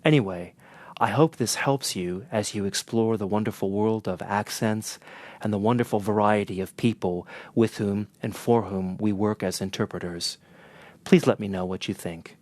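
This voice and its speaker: A man with a Northern American accent, an interpreter teaching in a measured, earnest way. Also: fairly low pitch, darkish tone, no echo. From northern United States. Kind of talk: scripted lesson to camera.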